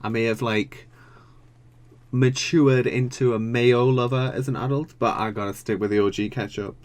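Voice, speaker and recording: A young man from the UK talks loosely over a reality show he is watching. He swears freely and reacts out loud with groans and squeals. His voice sits at an ordinary middle pitch. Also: fairly even intonation, normal speed. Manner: chatty, swears often, squeals and groans at the screen. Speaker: reaction video creator. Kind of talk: casual reaction commentary.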